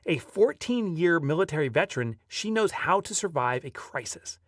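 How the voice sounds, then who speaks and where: A man reading his own audiobook aloud, lively as a storyteller and breaking off now and then for casual asides. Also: fairly high pitch, normal speed, no room sound, clean studio sound, recorded from a distance. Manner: lively storyteller who breaks off to chat offhand. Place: video recording setup.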